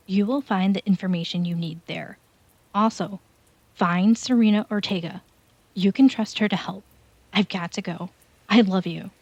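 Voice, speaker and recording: A woman's voice: fairly low pitch, darkish tone, slightly rough, no room sound. A woman voicing a frantic, wounded mother who pleads urgently with her son in a dream, in a told horror story. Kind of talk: storytelling narration. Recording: dull lo-fi home recording.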